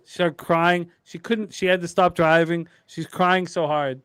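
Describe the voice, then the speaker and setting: A man's voice: on the high side, fairly even intonation, measured pace, a bit bright, clear, resonant tone, no echo. A man, co-hosting a sports chat and telling a rambling, profane story with laughs. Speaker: podcast co-host.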